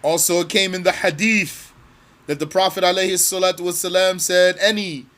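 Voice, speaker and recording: In a high, a bit bright voice with fairly even intonation, a man works through a religious text line by line. He reads Arabic phrases, translates and explains them word by word, and goes slowly and deliberately, repeating himself frequently.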